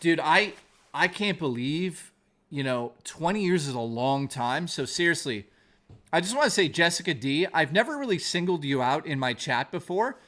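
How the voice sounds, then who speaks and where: A male streamer with a fairly high voice rants heatedly into his mic, swearing and circling back on his points. He reads and answers his viewers' messages between tirades. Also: expressive, moderate pace, fairly bright tone. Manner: heated, profane, repetitive ranting. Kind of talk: angry live-stream rant and chat reading.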